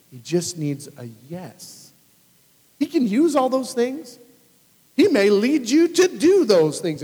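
High, husky man preaching. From United States. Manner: animated, acts out dialogue in lively voices. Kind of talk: storytelling sermon. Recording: long reverb of a large hall.

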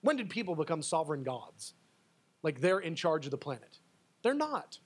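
A man preaching a sermon in a high voice. He swings between loud, pressing emphasis and hushed asides. He also acts out the people he quotes. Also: very animated, moderate pace, breathy edge. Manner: acts out quoted speakers in a raised voice. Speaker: pastor.

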